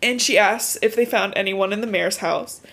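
In a casual book-recap chat, this woman co-hosts a podcast and retells a novel's story, cursing openly and saying "like" constantly. She speaks at normal speed in a mid-range, fairly bright voice.

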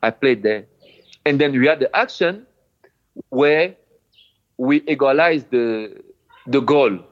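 A man, a former footballer, recounting his memories in an interview in halting non-native English. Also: mid-range voice, lively intonation. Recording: dull lo-fi sound.

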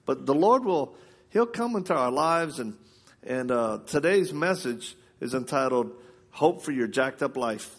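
Male preacher, conversational sermon, animated and colloquial delivery, mid-pitched voice. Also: measured pace. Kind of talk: storytelling sermon.

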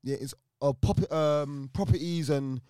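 A man's voice: a little high, unhurried, smooth, no room sound. A young man, arguing his point in a casual chat, full of slang and interruptions. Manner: animated, argumentative, slang-heavy.

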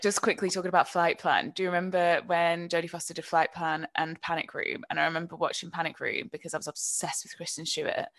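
Low-voiced woman telling stories. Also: little pitch movement, fast talker, hardly any pauses, fairly bright tone, dry recording. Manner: storytelling, swears casually. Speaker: podcast co-host. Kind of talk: casual chat.

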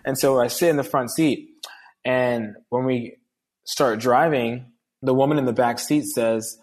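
A man's voice: mid-range voice, fairly even intonation, a little slow, darkish tone. A man telling a long personal story in casual conversation, earnestly acting out the dialogue of the people in it. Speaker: guest.

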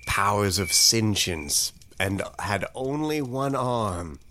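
A man drawing out a mock-scary tale at an unhurried pace, letting his pitch swoop widely for effect. His build-ups are deadpan and playful, typical of improvised comedy storytelling. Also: a little hiss or hum. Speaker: storyteller host.

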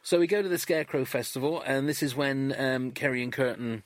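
A man's voice: mid-range voice, fairly quick, no echo. A man chatting casually as a podcast co-host, recounting scenes and acting out lines from a comedy episode. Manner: recounts scenes, quoting lines in playful put-on voices.

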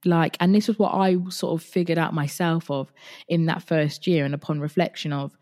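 A woman's voice: deep voice, fairly even intonation, normal speed, darkish tone. A woman hosting her own podcast, speaking candidly in casual solo talk, often swearing and breaking off her own sentences. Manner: candid, swears freely, self-interrupting. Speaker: podcast host.

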